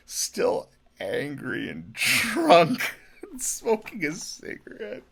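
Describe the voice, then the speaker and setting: Giggly gravelly man rambling drunk. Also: a little high, wildly swooping pitch, slow. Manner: giggly, rambling, swings between mutters and shouts. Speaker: comedy vlogger. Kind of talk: drunk rambling comedy riffs.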